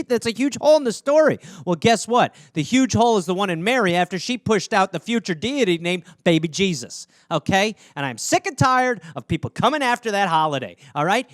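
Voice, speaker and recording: A man's voice: high-pitched, a bit bright, no echo, clean studio sound. A man hosting a comedy podcast, riffing alone in a rambling, sarcastic, mock-outraged way. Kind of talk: solo comedic riffing monologue.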